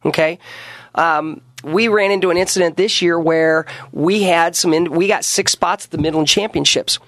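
A man's voice: fairly high pitch, moderate pace, a bit bright, no echo. A middle-aged man, a wrestling coach, talking casually and earnestly in a radio studio interview, often restarting and repeating himself.

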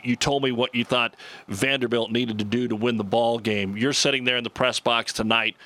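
A male sports radio host with a bright, forceful voice. He talks in an easygoing way, running through game times and promos. Recorded on a studio microphone. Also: mid-range voice. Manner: easygoing, reads schedules and promos.

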